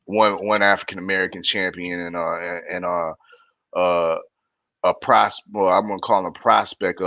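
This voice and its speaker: A man co-hosting casual boxing talk, speaking haltingly with many fillers. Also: sits low, vocal fry, bright, forceful tone, dry recording. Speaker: co-host.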